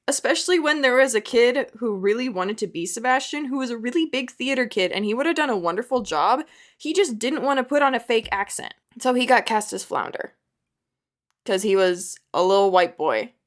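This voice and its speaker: A woman's voice: medium pitch, a bit bright. A young adult woman, an artist and video creator, talking in a chatty, rambling way with self-mocking asides. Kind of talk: casual chat.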